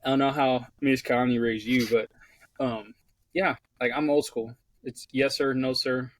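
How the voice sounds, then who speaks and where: A man's voice: medium pitch, steady tone, measured pace. A young man co-hosting a podcast, talking in brash, profane, teasing banter. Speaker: podcast co-host.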